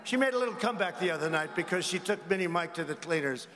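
High-voiced male rally speaker, rambling and mocking; podium mic in a big echoey hall with a long tail and faint ambience. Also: expressive, fast, fairly bright tone, slight background noise. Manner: rambling, mocking, conversational asides to the crowd. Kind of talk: campaign rally speech. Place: large indoor arena rally.

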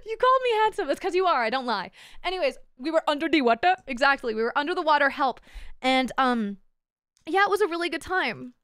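A young woman with a high, bright voice, chatting casually to her stream. She rambles, swears freely and gets loud and giddy. Her voice sounds close and dry, with little room around it. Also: lively intonation, quick pace, no echo. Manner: loud, rambling, swears a lot, laughs and shouts. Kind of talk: casual chat.

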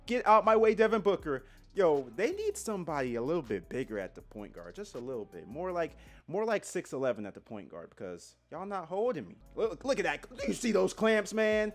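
Young male gaming creator, lively trash-talk commentary, faint music bed. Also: a little high, a little fast. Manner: excitable, trash-talking, swings from yelps to mutters. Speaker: gaming YouTuber. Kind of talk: gameplay commentary.

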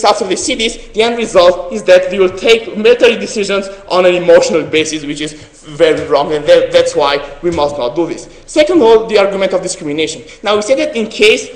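A young man from Romania giving a competitive debate speech, earnest and halting, with frequent restarts and fillers. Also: high-pitched. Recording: echoey hall.

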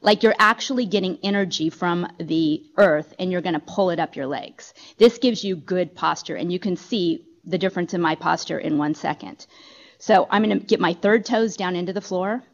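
A woman's voice: fairly low pitch, moderate pace, lo-fi sound. A woman teaching yoga in a company talk room, giving upbeat step-by-step instructions into a handheld microphone.

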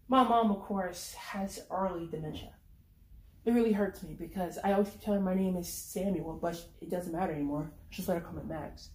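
A woman reading her own dark short story aloud in the first person, in a brooding, conversational way. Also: on the low side, brisk. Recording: echoey room.

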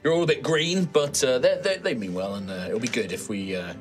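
A man's voice: medium pitch, fairly quick, faint music behind, lightly acted. A man voicing a nervous, chatty middle-aged soldier sergeant who stammers and rambles. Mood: reassuring.

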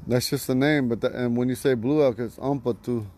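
A man teaching vocabulary to a class outdoors at home, patiently repeating each word slowly. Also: medium pitch, steady tone, darkish tone. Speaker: language teacher.

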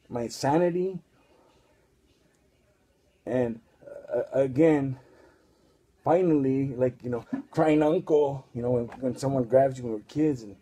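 A man's voice: medium pitch, warm tone, slightly rough. A man preaching a casual, rambling sermon full of restarts and street slang.

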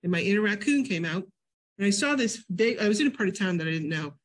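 An older woman from New England giving a casual health talk at a library, a chatty, animated storyteller. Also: mid-range voice, fast talker. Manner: chatty, animated storyteller with sudden loud jumps and laughs. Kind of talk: casual lecture with personal stories.

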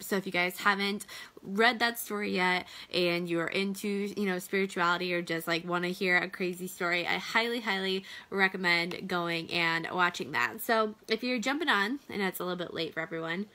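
A woman's voice: on the low side, fairly even intonation, fairly quick, bright, forceful tone. A woman in a casual live video chat as a business coach, talking loosely with many fillers.

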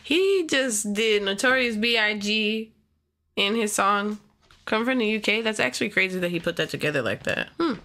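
A woman with a bright, forward voice gives casual reaction commentary as host. She fires off rhetorical questions in a chatty way. She often stops and restarts while hunting for the right words. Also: medium pitch, expressive, moderate pace, slight background noise.

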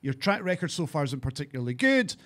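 A man's voice: fairly high pitch, big pitch swings, quick pace, a bit bright. A man with a Scottish accent hosting a podcast from a studio, teasing his co-host and reading sponsor plugs.

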